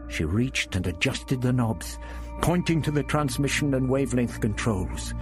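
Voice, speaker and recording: A man reading an audiobook novel in measured narration. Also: mid-range voice, lively intonation, over music.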